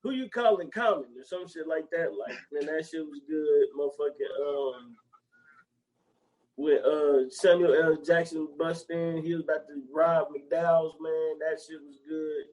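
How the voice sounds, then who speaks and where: An animated young man, recounting favorite comedy scenes in casual, profane chat. His voice sits a bit high for a man, and he keeps jumping into loud, squeaky impressions of the characters. He sounds like a podcast co-host riffing with a friend. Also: a little slow, poor audio.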